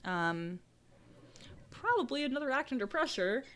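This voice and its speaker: A woman's voice: high voice, sing-song, normal speed, fairly bright tone. A young woman running a tabletop game over a video call, explaining rules casually with lots of fillers. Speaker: game master.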